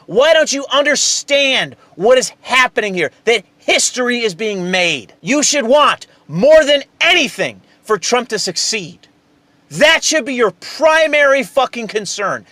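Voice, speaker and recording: Heated male commentator, high-pitched, sarcastic and profane, recorded dry and close. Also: big pitch swings, a little slow, bright, forceful tone, dry recording. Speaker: political commentary host. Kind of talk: angry political rant.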